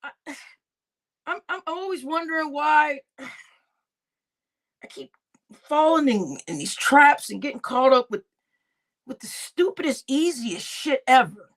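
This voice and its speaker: Woman vlogger spilling gossip, high voice swinging all over, laughs a lot and cusses. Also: expressive, measured pace, pauses often. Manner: laughs often, swears freely, repeats phrases. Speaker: YouTube commentator. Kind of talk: casual gossip commentary.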